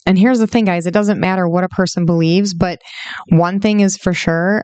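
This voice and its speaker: A woman's voice: on the low side, darkish tone, smooth, no room sound. A woman hosting a Christian podcast, talking straight to her listeners in an impassioned, conversational way. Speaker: podcast host. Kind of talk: casual Christian podcast monologue.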